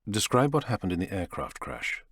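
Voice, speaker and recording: A calm, enigmatic doctor, played by a male narrator with a very deep, low voice. He speaks in a clinical, understated way, softer than the narration. It sounds close and dry. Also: brisk, breathy edge, dry recording, heavily acted. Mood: measured.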